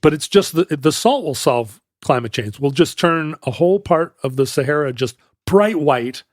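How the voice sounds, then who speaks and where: A man's voice: fairly high pitch, lively intonation, moderate pace, no echo, studio quality. A man co-hosting a podcast, explaining history in a rambling way, often correcting himself mid-sentence. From United States. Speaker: podcast co-host. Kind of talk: casual chat.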